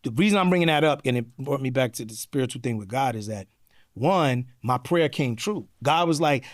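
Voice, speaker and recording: Animated storytelling man in his fifties. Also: medium pitch, fairly quick, dry recording, studio quality. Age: 50s. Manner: expressive, acts out quotes, laughs, swears casually. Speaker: podcast guest.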